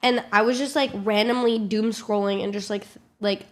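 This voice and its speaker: A young woman streamer telling a casual story to her chat, animated and swearing a lot. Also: medium pitch, normal speed. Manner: animated, swears a lot, acts out loud kids.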